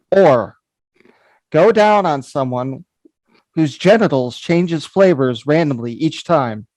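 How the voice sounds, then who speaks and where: Podcast co-host, male, slightly high voice, blunt and crude, dry close sound. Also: darkish tone, no echo. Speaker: podcast co-host reading the questions. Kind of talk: crude casual banter.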